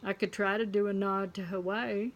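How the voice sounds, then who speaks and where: A middle-aged woman tells a deadpan comic story straight to her camera at home. Her voice has a gravelly rasp, and she drops to a hushed tone whenever a punchline lands. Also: mid-range voice, normal speed. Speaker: comedy contest entrant. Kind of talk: deadpan stand-up monologue to camera. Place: home, indoors.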